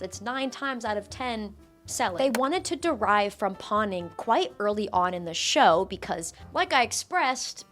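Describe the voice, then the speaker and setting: A woman's voice: medium pitch, pushed and bright. Sarcastic young woman YouTuber. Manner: sarcastic, swears and laughs between lines. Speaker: YouTube commentator. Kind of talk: casual scripted commentary.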